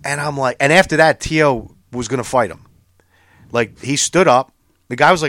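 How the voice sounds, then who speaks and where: Guy rambling and cussing thru a story, dry close mic, medium pitch. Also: brisk, no room sound. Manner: profane, rambling, animated storytelling with many restarts. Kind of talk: casual chat.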